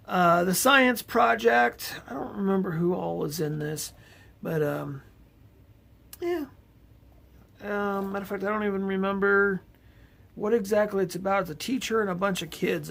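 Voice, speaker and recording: Gravelly man rambling about his movies. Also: on the high side, a bit bright. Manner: rambling, many fillers, loses track of names. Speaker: collector showing his movie collection. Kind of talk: casual vlog talk.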